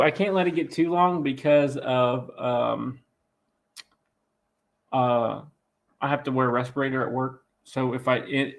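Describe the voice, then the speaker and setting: A raspy-voiced man hosting a casual live stream, joking and teasing in a rambling way. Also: medium pitch. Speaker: host of a farm channel live stream.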